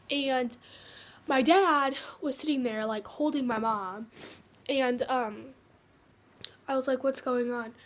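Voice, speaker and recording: A teenage girl telling her own cancer story in a hesitant, casual way, full of fillers and restarts. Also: on the high side.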